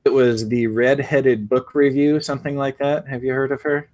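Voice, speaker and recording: A man with a mid-range voice hosts a relaxed writers' chat show. He talks in a loose, rambling way and breaks into laughter readily. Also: mid-range voice, moderate pace. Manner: chatty, rambling, laughs easily. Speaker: podcast host. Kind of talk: casual chat.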